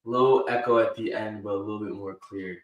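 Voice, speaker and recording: A man's voice: fairly low pitch, fairly even intonation, a little fast, muffled recording. A man co-hosting a sports podcast livestream, rambling and apologetic while talking through a camera microphone. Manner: rambling, apologetic, self-deprecating. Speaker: podcast co-host. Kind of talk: casual chat on a livestream. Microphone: camera mic, remote call. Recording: echoey room on a camera mic.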